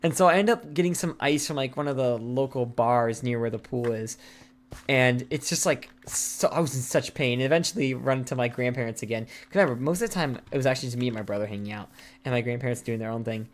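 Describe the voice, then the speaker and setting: While playing on stream, a man with a medium-pitched voice tells a long, rambling story at a fast clip, packed with "like" fillers and restarts. His home stream mic is noisy and picks up clicks.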